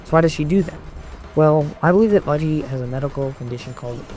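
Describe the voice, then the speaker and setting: A man giving a measured, explanatory scripted narration for an online video essay, recorded close to a mic. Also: a little high, a little mellow. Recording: voice-over with faint background music.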